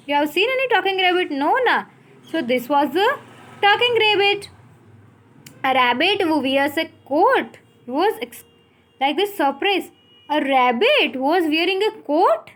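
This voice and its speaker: High-voiced Indian woman teaching English. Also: fairly bright tone. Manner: explains words slowly, spells them out letter by letter. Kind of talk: recorded online English lesson.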